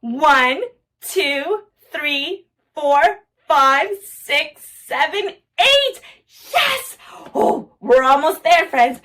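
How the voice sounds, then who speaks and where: A woman's voice: high voice, expressive, extremely slow, sharp tone. A woman hosting a toddler counting lesson, talking in an exaggerated sing-song way with gasps and cheers. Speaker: children's educational video host.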